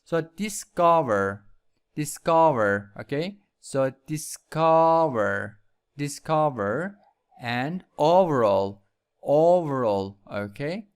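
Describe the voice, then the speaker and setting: A man's voice: a little high, animated, takes it slowly, clear, resonant tone. A man teaching English with a Vietnamese accent, going over vocabulary and repeating each word several times. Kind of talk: slow classroom lesson with repetition.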